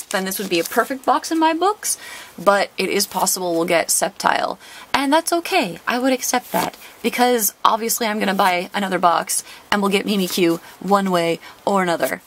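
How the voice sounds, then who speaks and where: A woman hosting a casual card-opening video. She is excitable, gushing over cards and gasping often. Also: mid-range voice, normal speed, a little hiss or hum. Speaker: trading card collector and video host.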